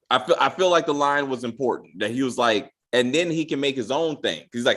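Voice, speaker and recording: A man hosting a casual review show, talking in an animated, profane way. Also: mid-range voice, brisk, few pauses. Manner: animated, profane, quotes characters in put-on lines. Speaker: podcast host reviewing a TV episode. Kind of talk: casual chat.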